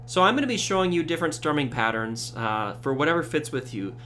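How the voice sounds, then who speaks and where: A man giving a casual ukulele tutorial, relaxed, with frequent fillers, counting beats aloud. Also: a little high, fast, a little hiss or hum. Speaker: ukulele teacher. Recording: loud ukulele under voice. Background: ukulele strumming.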